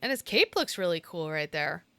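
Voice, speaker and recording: A woman co-hosting a casual comic-book podcast, giggly and quick to banter. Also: lowish voice, sing-song, creaky, sharp tone, clean tone, no room sound. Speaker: podcast co-host.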